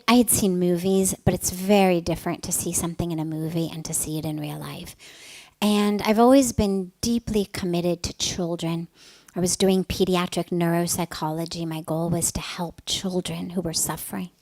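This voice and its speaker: A woman spiritual teacher giving a talk, telling a personal story in an earnest, emphatic way that now and then drops to a soft whisper. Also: medium pitch, poor audio.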